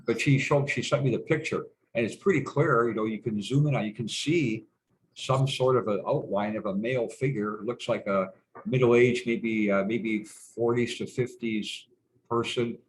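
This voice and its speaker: A man's voice: medium pitch, moderate pace, a little hiss or hum, poor audio. Rambling, hesitant man. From Canada. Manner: rambling and hesitant, heavy fillers and restarts, salty swearing. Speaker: guest. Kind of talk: casual reminiscing conversation.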